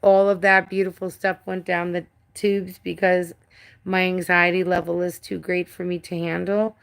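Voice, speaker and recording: A woman's voice: fairly low pitch, level tone, moderate pace, gravelly, smooth. A middle-aged woman hosting a casual live stream from home, rambling, restarting sentences and swearing now and then. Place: home with a cat.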